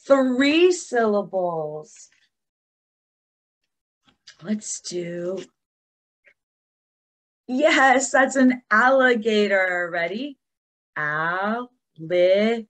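A woman teacher giving an encouraging lesson to young children, talking to them in an animated way. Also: on the high side, extremely slow, pauses often.

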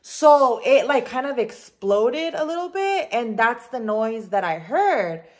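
This is a young woman recording a casual storytime vlog in her kitchen. She talks in a lively, expressive way, leaning on "like" and dropping swear words. Her voice sits a little high for a woman. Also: slow pace. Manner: animated, swears freely, heavy use of "like". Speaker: vlogger. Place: home kitchen, indoors.

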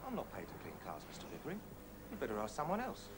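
A cheeky Irish factory lad of twenty with an Irish accent, earnest and quick to answer back. His voice leaps up and down in pitch. It comes through a hissy old television broadcast. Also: wildly swooping pitch. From Ireland. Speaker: young factory worker.

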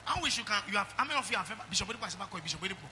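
Middle-aged nigerian preacher guy, loud then soft, church room ambience, sharp bright tone. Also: high-pitched, sing-song, racing, a little hiss or hum. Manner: call-and-response preaching, swings from loud exhortation to soft asides. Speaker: pastor. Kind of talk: sermon.

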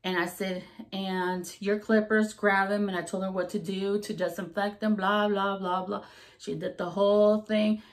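Woman, casual storytelling, former salon manager, animated, acts out quoted voices, mid pitch. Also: moderate pace.

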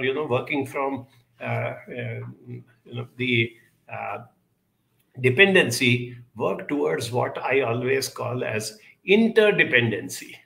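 A man's voice: on the high side, creaky, pushed and bright, echoey room. A man giving a counselling talk, answering audience questions in an earnest, advisory way with frequent hesitations.

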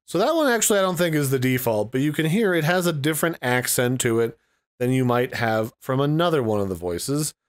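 A man hosts a casual screen-recorded tutorial, explaining things in a rambling, conversational way and thinking aloud as he works. His medium-pitched voice is expressive and fairly quick.

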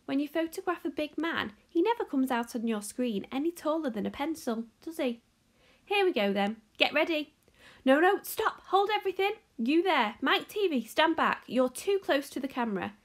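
Woman reading aloud as an eccentric male chocolate maker, excitable and commanding, with a gravelly edge. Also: high-pitched, normal speed, voice pushed up. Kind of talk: storybook read-aloud.

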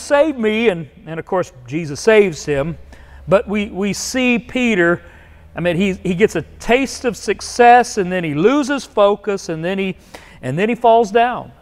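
A man's voice: high voice, long reverb tail. A male pastor preaching a sermon in a conversational way, often restarting phrases and acting out quotes. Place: church sanctuary.

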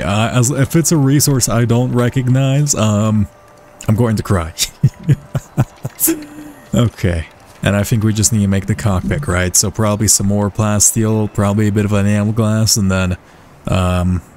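A man's voice: on the low side, dark tone, a little hiss or hum. A man giving casual, chatty commentary over his own gameplay, swearing freely and talking to the creatures on screen, from a desk mic. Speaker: let's play gamer.

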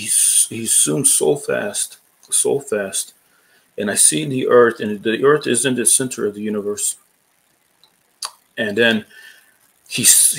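A man giving a personal faith testimony. He speaks earnestly and haltingly, repeating words and restarting his phrases as he recounts the story. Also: medium pitch, rough recording. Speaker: former boxer giving a testimony.

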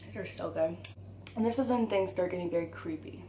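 A woman's voice: on the low side, fairly quick, warm tone, slight background noise. A young woman in her twenties telling an emphatic, candid story to camera for her channel while eating at home. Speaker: YouTuber.

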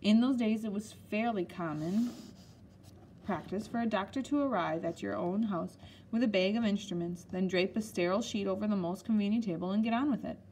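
A woman's voice: medium pitch, brisk, a little mellow, slight background noise. A woman reading a children's memoir aloud at an easy pace, with a few small slips. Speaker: audiobook reader. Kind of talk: storybook narration.

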